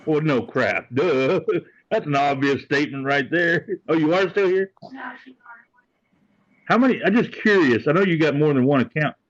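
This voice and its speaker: A man's voice: fairly high pitch, moderate pace. Easygoing man hosting a stream. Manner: easygoing, chatty. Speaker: livestream host. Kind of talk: casual chat. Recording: slightly dull sound.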